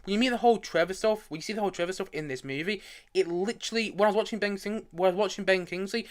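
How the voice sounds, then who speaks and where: Fast-talking chatty male film streamer. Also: high-pitched. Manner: rambling and chatty, with frequent restarts and asides while searching for images. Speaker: movie review livestream host. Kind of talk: casual live-stream film chat.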